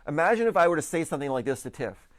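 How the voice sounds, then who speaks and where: A man's voice: on the high side, racing, dry recording, clean studio sound. Earnest man giving a motivational talk. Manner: earnest, repeats words when excited.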